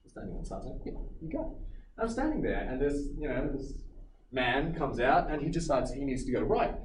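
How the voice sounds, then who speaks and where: A man casually telling a travel story, animated and laughing often, acting out what people said. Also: medium pitch, brisk. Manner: animated, acts out quotes, laughs a lot. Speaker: storyteller recounting a trip. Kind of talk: casual anecdotal chat. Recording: roomy echo, distant mic, background noise.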